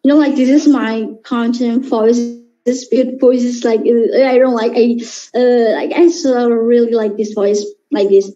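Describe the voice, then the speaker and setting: A shy, soft-spoken woman who dubs cartoons, talking haltingly and searching for words. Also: a little high, steady tone, lo-fi sound. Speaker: voice dubber showing her characters.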